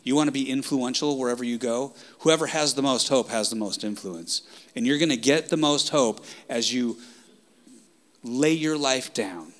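A man preaching a sermon with passion, swinging from loud outbursts down to hushed whispers. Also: medium pitch, moderate pace.

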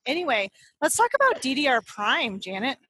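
A woman's voice: high-pitched, big pitch swings, brisk, background noise. A woman co-hosting a casual podcast chat, giggly and teasing. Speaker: podcast co-host.

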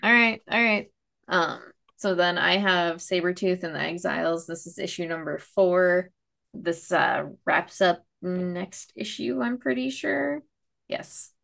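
A woman hosts a laid-back comic book chat, rambling through each issue with casual swearing. Her voice sits low with a gravelly fry. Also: a little slow, fairly bright tone. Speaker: comic book podcast host.

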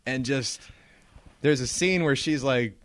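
A man's voice: mid-range voice, takes it slowly, a bit bright, no echo. A man in his thirties, a podcast co-host in casual chat who jokes and laughs often.

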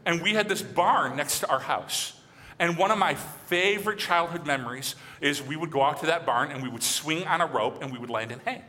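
A man from Michigan who preaches as a pastor, animated and acting out quotes in his sermon. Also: on the high side, a little fast, big-room sound. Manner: animated, acts out quotes and voices.

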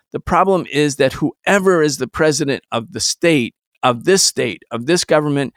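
A man's voice: a little high, dry recording. A man hosting political commentary, talking in an indignant, emphatic way into a close studio mic. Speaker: host.

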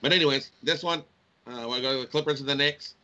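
This sports betting show co-host talks quickly in a medium-pitched voice, sharing his picks over a video call from home. The casual, relaxed delivery is full of hesitant "uh"s, and the sound is lo-fi.

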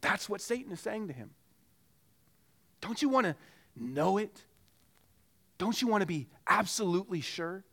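Earnest pastor preaching, slightly high voice. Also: male voice, animated, moderate pace, pauses often, a bit bright. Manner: earnest, with repeated rhetorical questions. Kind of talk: sermon.

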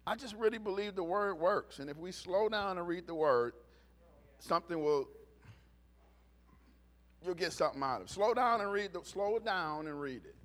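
A pastor talks his sermon through like a chat with his congregation, teasing them and getting loud when a story turns funny. His voice sits high and bright and swings around a lot. He is a man with an easy, folksy way of talking. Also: animated, normal speed, long pauses. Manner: jokes and raises his voice when telling funny stories. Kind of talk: conversational sermon. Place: church service.

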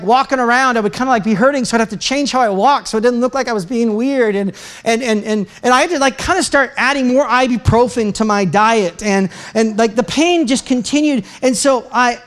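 A man's voice: extremely high pitch, a bit bright. A middle-aged man, a pastor, giving announcements and a sermon in a church in a casual, joking way. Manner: casual, chatty, self-mocking humor. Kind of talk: sermon with announcements and a personal story. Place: church sanctuary.

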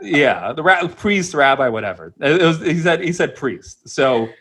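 A man's voice: a little high, sing-song, unhurried, pushed and bright, slightly rough. A man co-hosting a casual podcast, telling a rambling, self-mocking story and chuckling as he goes. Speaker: podcast co-host.

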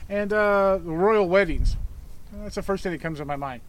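A man's voice: sits high, normal speed, slight background noise. An American man answering street interview questions in a laid-back, blunt way. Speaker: passerby interviewee. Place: outdoors on a street.

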